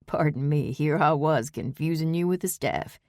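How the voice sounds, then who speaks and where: A woman voicing a charming, laid-back male chef with a slow, courtly Southern drawl in an audiobook. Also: low voice, darkish tone, dry recording, studio quality. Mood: easy charm. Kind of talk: audiobook character voice.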